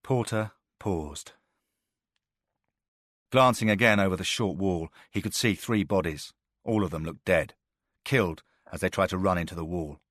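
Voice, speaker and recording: A man narrating a thriller audiobook in a steady, measured manner. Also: sits low, no room sound, studio quality.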